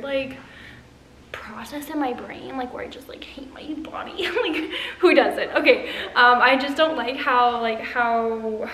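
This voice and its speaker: A woman's voice: on the high side, fairly bright tone. A woman in her twenties, a vlogger casually unboxing a haul, gushing and bubbly with lots of fillers. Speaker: influencer vlogger. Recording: echoey room with faint ambient noise.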